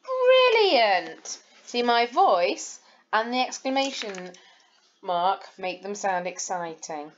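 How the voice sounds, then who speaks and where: A woman's voice: mid-range voice, fairly even intonation, slow, highs cut off, a little hiss or hum. A woman, a primary school teacher giving a recorded lesson and explaining patiently, step by step, to young children. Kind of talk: recorded lesson over slides.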